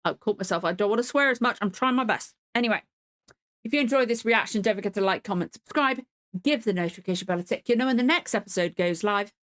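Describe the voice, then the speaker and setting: A woman's voice: mid-range voice, fast talker, fairly bright tone. A woman hosting a reaction video, talking casually to camera in a rambling way, full of asides and swearing, sore and cold as she speaks. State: in pain and cold. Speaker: reaction channel host.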